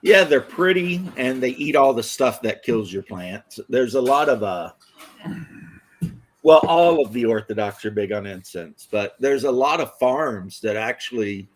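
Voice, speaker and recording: A man's voice: medium pitch, a little slow, slight background noise. A man co-hosting a casual podcast chat, telling stories and acting out the voices of the people in them. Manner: animated storyteller acting out quoted voices.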